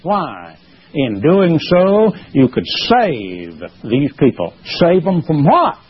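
A man's voice: a little high, very animated, slow pace, breathy edge. A man preaching a sermon, emphatic and rising in force as he presses his points. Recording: muffled lo-fi sermon recording.

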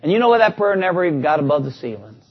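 A man's voice: on the high side, very animated, racing, breathy edge, muffled recording. A man preaching a sermon, talking to the congregation in a conversational way and reading out scripture.

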